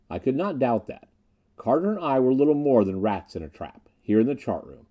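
A man narrating an adventure story in the first person, reading in an expressive, lively way. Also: mid-range voice, a little fast. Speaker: audiobook narrator.

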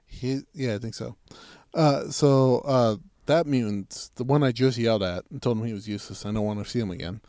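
A man recounts a story in a loose, casual chat, cursing often and getting loud as he replays heated exchanges. The sound is dry and close, with little room tone. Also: medium pitch, brisk, few pauses, no room sound. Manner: profane, animated, acts out quoted arguments.

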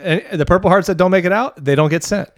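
A man's voice: high voice, quick pace, no room sound, clean studio sound. A young man co-hosting a casual comedy podcast, loose and laughing, swearing freely. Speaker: podcast co-host.

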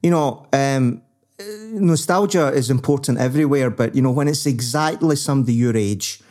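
Man, 50s, casual co-host chat, warm dark tone, thoughtful. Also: medium pitch, normal speed. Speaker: podcast co-host.

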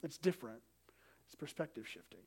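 A man in his thirties preaching a sermon as a pastor, telling family stories and acting out the dialogue in an animated way. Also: a little high, fairly quick, slightly rough.

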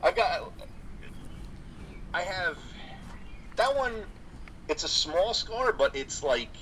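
A man co-hosts a relaxed podcast. His voice is bright and sits mid-range, and he talks in an easygoing, halting way, restarting his sentences over a faint hiss of background noise. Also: sits high, rough recording. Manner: easygoing, halting, repeats words as he starts sentences. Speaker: podcast co-host. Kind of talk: casual chat.

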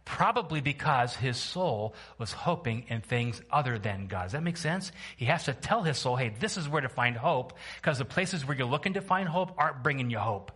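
A man's voice: mid-range voice, sing-song, normal speed, fairly bright tone, slightly rough. A man preaching a sermon to his church, talking in a loose, humorous way and putting questions to the congregation. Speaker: pastor.

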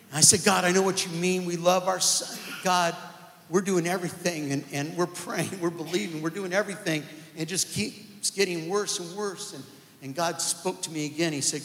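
A man giving a sermon testimony, telling a story that builds to loud, emphatic moments, recorded live in a large church. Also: high voice, normal speed. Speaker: guest preacher. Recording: live church hall reverb.

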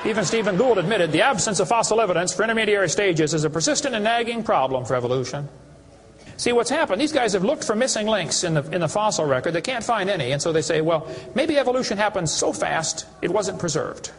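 A man's voice: high voice, lively intonation, fast, a little hiss or hum. A man giving a preaching lecture to an audience, telling folksy, mocking stories with acted dialogue. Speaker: creation science speaker.

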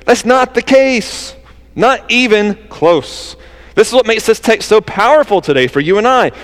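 A man with a Southern accent preaching a sermon as pastor, earnest and conversational, with quick asides and rephrasings. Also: high voice, expressive, fairly bright tone, big-room sound.

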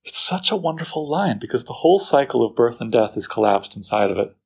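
Gravelly-voiced man teaching a poem. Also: mid-range voice, a little fast. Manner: lively, asks rhetorical questions. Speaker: literature teacher. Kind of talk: lecture on a poem.

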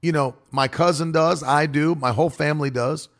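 Male preacher, casual monologue, slightly high gravelly voice, emphatic delivery. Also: moderate pace. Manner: forceful, demonstrative, animated. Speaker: preacher and broadcaster.

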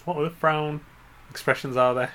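Male co-host, bright ringing voice, jokey and giggly, loose banter. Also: a little high, steady tone, moderate pace. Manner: jokey, giggly, rambling wordplay. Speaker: podcast co-host. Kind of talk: casual comedic chat.

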